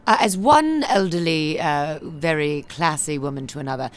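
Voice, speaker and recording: A woman's voice: low-pitched, animated, normal speed, a little hiss or hum. A woman playing a prim, classy old lady. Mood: haughty. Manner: genteel, says darling.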